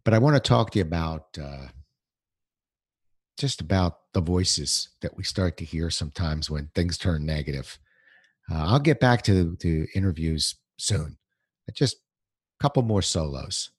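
A man with a very low, husky voice hosts a motivational podcast from home. He talks casually, with frequent fillers and restarts, and his pitch swings widely. The sound is close and dry. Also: expressive, unhurried, dry recording. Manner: conversational, plenty of fillers and restarts. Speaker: podcast host. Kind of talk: solo motivational talk.

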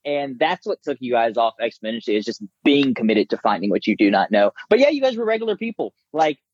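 A man who works as a business coach, talking casually and telling stories with lively impressions of others. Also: mid-range voice, fast talker, slightly rough, no echo, highs cut off. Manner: animated storyteller, mimics voices. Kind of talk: casual conversation.

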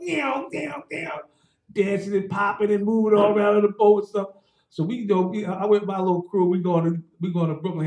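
A man tells lively stories, laughing and repeating his words as he goes. His voice sits high. The room around him is echoey. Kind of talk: casual storytelling chat.

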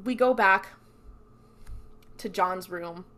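A woman's voice: mid-range voice, takes it slowly. A woman co-hosting a podcast, recapping a TV episode in casual chat and acting out the lines. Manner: animated storytelling, acts out quotes. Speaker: podcast co-host.

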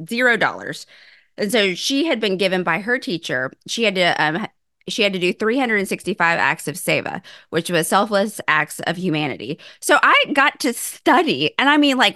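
A woman's voice: medium pitch, bright, forceful tone, no echo, clean studio sound. A woman in her thirties telling her own story in casual chat, acting out her own quotes with big swings in voice and swearing freely.

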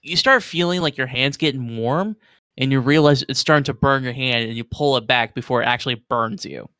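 A man's voice: medium pitch, fairly quick, pushed and bright, clean tone, no echo, studio quality. A man narrating as game master in a casual tabletop game, with loose narration full of fillers.

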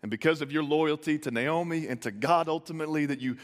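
A man's voice: fairly high pitch, a little fast, few pauses. A man preaching a conversational sermon, telling the story playfully with modern asides and stammered restarts. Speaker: pastor. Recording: echoey hall with long reverb.

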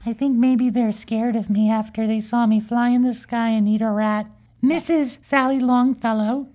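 Woman playing a high, giggly little unicorn girl for a comedy podcast, rambling and mischievous. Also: dark tone, close to an everyday voice. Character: cheerful young magical unicorn girl, mischievous. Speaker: podcast character. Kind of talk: improvised comic storytelling.

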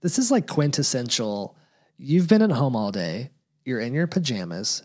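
A man's voice: mid-range voice, sing-song, moderate pace, a little mellow. A man co-hosting a podcast in casual chat, sarcastic and full of dry jokes. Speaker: podcast co-host. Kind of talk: casual chat recapping a TV show.

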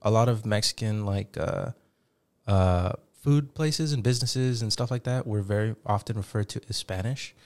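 A man's voice: lowish voice, normal speed, a little mellow. A man co-hosting a podcast, explaining things hesitantly and searching for words. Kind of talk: casual podcast chat.

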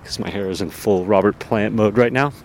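A man's voice: on the low side, a little fast, a little hiss or hum. A man hosting a podcast, talking casually and rambling about himself with many fillers and self-deprecating asides, outdoors in a town. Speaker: podcast host. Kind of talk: casual personal monologue.

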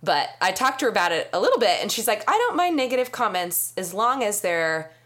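Young woman podcast co-host; slightly nasal, lively pitch, chatty with frequent laughs. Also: brisk. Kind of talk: casual chat.

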